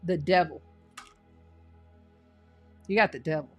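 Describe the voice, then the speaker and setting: A woman's voice: low voice, takes it slowly, dull audio, soft background music. A woman giving a casual spiritual tarot and astrology reading, chatty and folksy, repeating phrases for emphasis.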